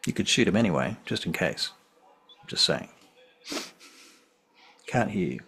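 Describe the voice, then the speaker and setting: Gravelly, bright-voiced male game master. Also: low voice, animated, a little slow, slight background noise. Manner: easygoing, thinks aloud with fillers while tallying dice. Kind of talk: running a tabletop game over voice chat.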